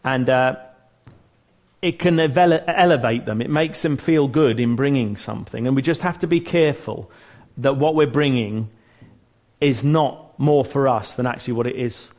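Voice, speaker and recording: Medium-pitched with a darkish tone, this man speaks at a normal pace. His informal church teaching is chatty and sincere, full of restarts and self-mocking humour.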